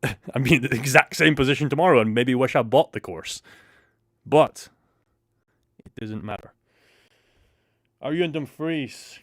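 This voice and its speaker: Recorded dry in a clean studio, this Scottish livestream host speaks a little slowly in a mid-range voice, pausing often. He runs a casual trading stream, getting excited, cursing a lot, and reading viewers' chat out loud.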